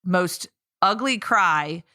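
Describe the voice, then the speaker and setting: Chatty woman podcast co-host, bright tone. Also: lowish voice, drawn-out words. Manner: chatty, animated storyteller. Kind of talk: casual sports podcast chat.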